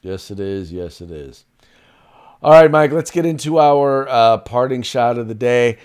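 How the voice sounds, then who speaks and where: A man's voice: medium pitch, a little slow, clean tone. A man co-hosting a casual political talk show who speaks emphatically and moves the segments along. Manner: animated, emphatic, wraps up segments. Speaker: co-host.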